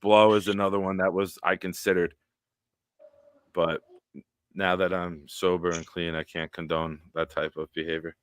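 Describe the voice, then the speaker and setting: A man hosting a casual live-stream chat, telling stories and acting out other people's lines loudly. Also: low-pitched, moderate pace, clean tone, dry recording. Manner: animated storyteller, acts out quotes loudly. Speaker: podcast host.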